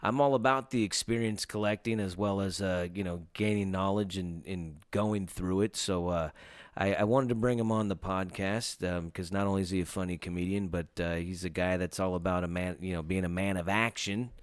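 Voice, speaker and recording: A man's voice: low voice, fairly quick, no echo, studio quality. A man hosting a casual podcast, rambling loosely with lots of hesitations. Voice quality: rambling, lots of fillers and restarts. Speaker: podcast host.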